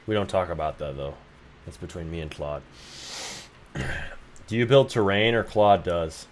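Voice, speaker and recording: A man's voice: deep voice, a little slow. A young man streaming game development who jokes, swears freely and reads his chat aloud. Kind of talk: casual livestream chat.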